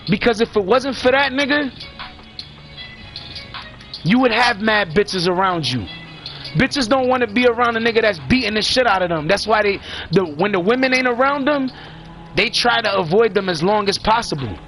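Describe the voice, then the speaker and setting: A high-pitched man with a bright, cutting voice rants bluntly, swearing hard and lecturing his audience. Faint music sits under his talk. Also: animated, normal speed. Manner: blunt, heated, preachy, heavy swearing and slang. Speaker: father ranting on a vlog. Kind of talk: profane monologue rant.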